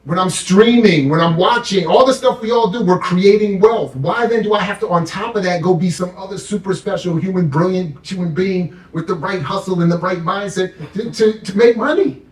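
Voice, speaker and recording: A man with a high voice holds forth on a panel, animated and emphatic. He sounds set back from the microphone. The room around him rings. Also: moderate pace, few pauses. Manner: animated and emphatic, mocks others in put-on quotes. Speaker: guest speaker, professor. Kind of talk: impassioned panel talk. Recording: echoey room, mic at a distance.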